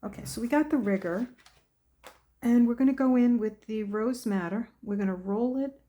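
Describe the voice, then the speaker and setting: A woman's voice: on the high side, warm tone. A woman hosting a painting lesson, chatting casually and talking to herself as she works. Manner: slow, chatty, talks to herself while working. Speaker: art tutorial host. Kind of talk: painting demonstration.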